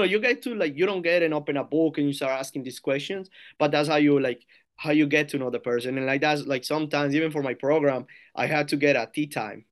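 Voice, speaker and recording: Coach guy with a colombian accent, smooth clear voice, keeps restarting and repeating himself. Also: fairly high pitch. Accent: Colombian Spanish. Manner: earnest, many restarts and repeated words, acts out his own coaching cues. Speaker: strength coach, podcast guest. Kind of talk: casual podcast interview.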